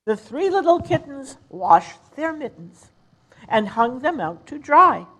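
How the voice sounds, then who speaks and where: An older woman reading poetry aloud in a measured way at a retirement community. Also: high-pitched, big pitch swings, a bit bright, poor audio. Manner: slow, measured recitation. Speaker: resident reader.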